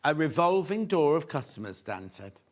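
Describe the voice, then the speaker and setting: Give me a chatty male TV shopping host with a slightly high voice. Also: moderate pace. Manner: chatty and excitable, full of asides and sales counts. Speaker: shopping channel presenter. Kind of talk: live TV shopping presentation. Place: TV studio.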